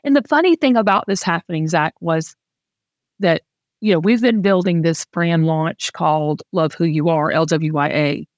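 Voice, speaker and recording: A woman's voice: on the low side, moderate pace, no room sound. A middle-aged woman with a Southern US accent, hosting a podcast and talking candidly and emotionally in casual chat. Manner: emotional, candid, chatty storytelling. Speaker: podcast host.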